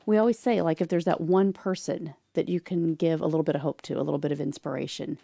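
A woman's voice: sits low, fairly even intonation, quick pace, gravelly, mellow, no echo, studio quality. A woman hosting an interview, encouraging her guest and summing up the guest's story. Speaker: interview host. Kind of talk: conversational interview.

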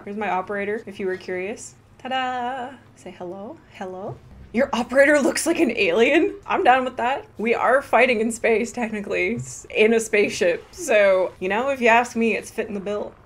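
A young woman hosting a casual gaming live stream, bubbly and giggly, reading chat aloud and reacting with excited exclamations. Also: medium pitch. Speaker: livestream host.

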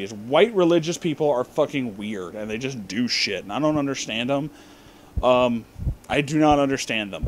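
A drunk man hosting a comedic movie review, ranting with heavy profanity and loud outbursts. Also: medium pitch, a little hiss or hum.

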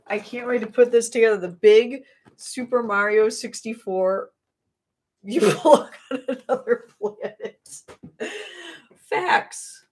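A woman's voice: on the high side, slow, a little mellow, husky. A woman streaming live, bubbly and chatty, greeting viewers as she opens trading card packs. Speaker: streamer opening trading cards.

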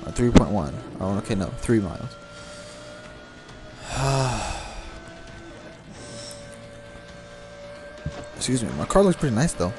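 A young man talks his way through a racing game, muttering and cursing at rival cars. His delivery is unhurried and drawn out, his pitch mid-range. Faint game music runs underneath. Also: very animated. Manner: frustrated, swearing, talking to the game. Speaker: gameplay commentator. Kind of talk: let's play commentary. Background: game music and car sounds.

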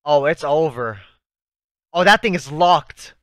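A young man hosting a live anime reaction, talking excitedly to the screen in slangy, casual speech. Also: mid-range voice, normal speed, clear, resonant tone, no echo, clean studio sound. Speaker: anime reaction channel host.

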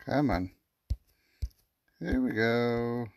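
Gaming host, man, slow gravelly delivery, dry close mic, reads chat lines aloud. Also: mid-range voice, slight background noise. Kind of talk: let's play commentary.

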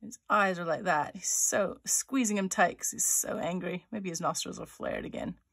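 A woman's voice: on the low side, moderate pace, creaky, fairly bright tone. A woman author-illustrator leading a children's drawing tutorial, thinking aloud as she sketches and chatting playfully. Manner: voices little sound effects for her drawings.

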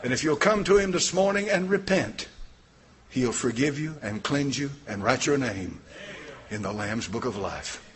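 An older man preaching a sermon in a folksy, plain-spoken way, rising from quiet talk to shouted fervor. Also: mid-range voice, expressive, moderate pace. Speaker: pastor.

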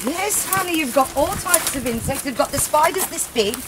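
Brief: loud, lively Australian cousin, sits a touch high, breezy teaser. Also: female voice, moderate pace, background noise. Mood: teasing. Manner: breezy, calls everyone honey and love. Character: brash Australian cousin woman, teasing.

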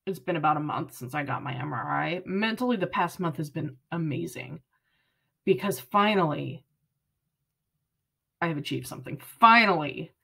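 A woman's voice: low-pitched, creaky, fairly bright tone. Earnest woman in her thirties, near tears. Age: 30s. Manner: earnest, rambling, close to tears. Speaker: vlogger. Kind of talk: emotional personal vlog.

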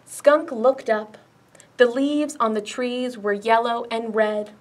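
A woman children's librarian reading a picture book aloud, slowly and gently, pointing out puppets. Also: fairly high pitch, steady tone, slight background noise. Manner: slow, gentle storytime reading.

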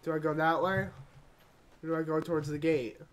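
With a steady, mid-range voice and a fairly quick pace, this gaming creator narrates a let's play, addressing the game directly and bursting into dramatic shouts and cries.

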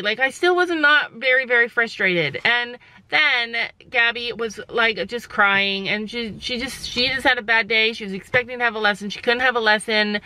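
A woman's voice: medium pitch, bright, forceful tone, no echo, low-quality recording. A middle-aged woman vlogging, rambling and sighing as she talks herself through a bad day, critical of herself. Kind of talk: casual vlog confession.

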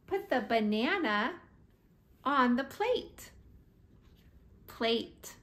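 A woman teaching first words to toddlers, repeating single words slowly and clearly. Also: on the high side, big pitch swings, a bit bright. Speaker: preschool teacher.

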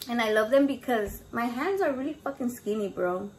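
Brash, foul-mouthed woman with a high voice. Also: expressive, brisk, a little hiss or hum. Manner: brash, swears constantly, mixes in Spanish words. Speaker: home cook vlogger. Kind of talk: casual cooking vlog. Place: home kitchen.

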